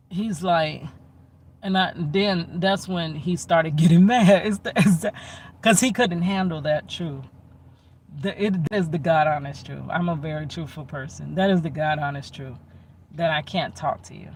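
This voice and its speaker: A man telling a personal story in an animated way, acting out both sides of arguments and repeating himself for emphasis. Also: fairly high pitch. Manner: emphatic and repetitive. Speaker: storytelling vlogger. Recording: distant mic with faint background noise.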